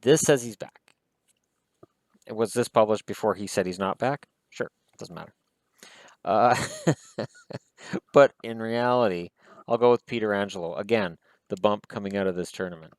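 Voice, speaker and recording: A man with a fairly low voice talks through casual hockey picks in a rambling, wry way. He makes dry jokes about himself as he goes. The sound is close and dry, with no room around it. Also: normal speed, no echo. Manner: rambling, wry, self-deprecating asides. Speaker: hockey commentator. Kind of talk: casual solo commentary.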